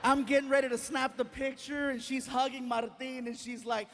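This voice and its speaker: A man performing energetic live stand-up comedy on an arena stage, telling animated stories and often shouting to the audience. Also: extremely high pitch, normal speed. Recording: live arena recording with loud crowd and noise. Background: cheering and laughing audience.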